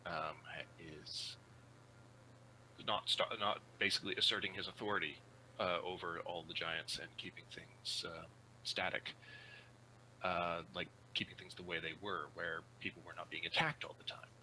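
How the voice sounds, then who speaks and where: A man taking part in a tabletop role-playing session, speaking haltingly with many fillers and restarts. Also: low voice, steady tone, sharp tone, slight background noise, poor audio. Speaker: player. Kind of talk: tabletop role-play chat.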